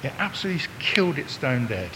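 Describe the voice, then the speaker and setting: A visiting preacher, English and in his sixties, talks quickly in a sing-song voice, chatting and joking with the congregation to draw them in. He is recorded in a church hall with long reverb and a faint rumble.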